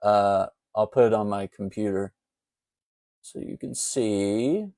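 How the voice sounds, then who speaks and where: A man's voice: fairly low pitch, slow, dark tone, no echo. A man doing a casual live chat about politics, talking in a loose, conversational way with frequent laughs. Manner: chatty and conversational, laughs often. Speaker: political commentator.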